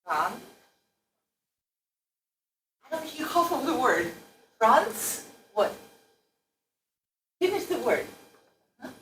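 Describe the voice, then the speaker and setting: A woman's voice: sits high, big pitch swings, extremely slow, pauses often, a bit bright, a little hiss or hum. A woman teaching a language class, coaxing and correcting students as they read aloud. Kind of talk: classroom instruction. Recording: roomy, distant classroom recording.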